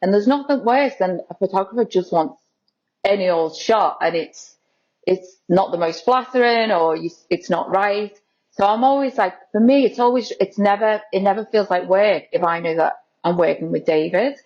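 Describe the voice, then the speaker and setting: A chatty woman talking casually as an interview guest, often breaking into laughter. Her voice sits at a middle pitch, and the recording sounds slightly dull and muffled. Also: moderate pace, a little mellow. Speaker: guest, lookalike model.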